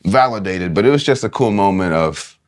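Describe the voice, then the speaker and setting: A man from Kentucky, a guest wrestler on a podcast, telling stories in a lively way with frequent laughs and restarts. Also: low-pitched, fairly quick. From Kentucky, USA. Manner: animated, laughing, many restarts. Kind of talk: casual podcast interview storytelling.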